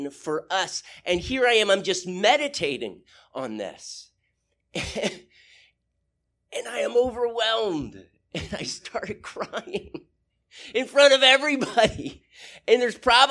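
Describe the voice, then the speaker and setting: High-voiced earnest male pastor. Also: fairly bright tone. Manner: earnest, conversational storytelling with laughter. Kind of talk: prayer and sermon. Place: church sanctuary.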